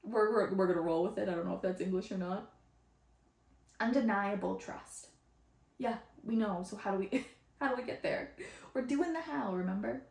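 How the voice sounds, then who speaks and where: A woman hosting a spiritual podcast in a chatty, excitable way, laughing often and using casual slang, recorded on her phone. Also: mid-range voice, normal speed, creaky, long pauses, roomy sound. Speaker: podcast host and channeler.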